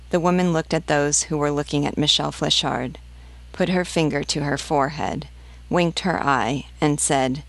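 A woman reading a novel aloud in a measured, expressive way. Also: sits low, gravelly, dry recording. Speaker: audiobook reader and guide. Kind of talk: literary audiobook reading.

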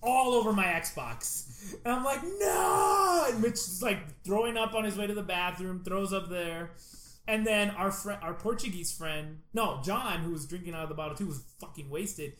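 A young man telling a lively anecdote in casual chat, peppered with "like" and loud acted-out quotes. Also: high voice, normal speed. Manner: excitable storytelling, lots of "like", acts out quotes loudly. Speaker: storyteller in a group chat. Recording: echoey room.

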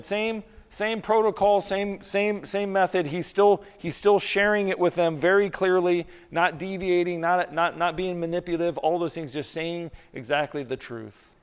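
A man's voice: a little high, clean tone. Preaching man in a reverberant hall. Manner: earnest, repeats words while preaching. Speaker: pastor. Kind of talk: sermon.

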